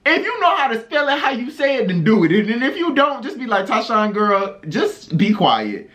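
A vlogger from North Carolina, with a North Carolina accent, reacting loudly and excitedly to cooking videos, often exclaiming and breaking into song. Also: sits high, quick pace. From North Carolina, USA. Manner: loud, exclaiming, breaks into singing and shouts.

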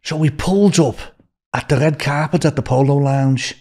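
An older man with a Liverpool accent, telling rambling, animated anecdotes as a podcast guest. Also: a little high, moderate pace. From Liverpool, England. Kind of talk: casual storytelling.

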